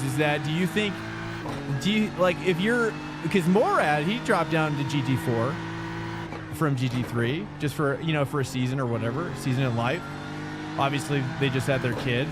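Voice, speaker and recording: Sim racing streamer, male, slightly high pitch, loose rambling chat, music bed behind. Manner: rambling, chatty, talks to chat. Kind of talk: casual live-stream chat. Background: background music.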